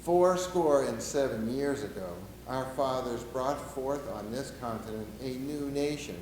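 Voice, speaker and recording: An actor playing a solemn middle-aged nineteenth-century American president, speaking in a measured, oratorical way. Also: male voice, medium pitch, a little mellow, reverberant, slight background noise, low-quality recording. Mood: solemn oration. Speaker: historical reenactor. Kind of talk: first-person historical portrayal.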